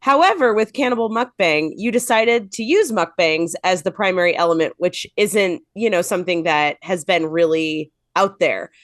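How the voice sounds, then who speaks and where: A woman's voice: on the low side, moderate pace, hardly any pauses, no echo, studio quality. A woman podcast co-host moderating a festival Q&A, asking upbeat prepared questions. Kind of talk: hosting a festival Q&A.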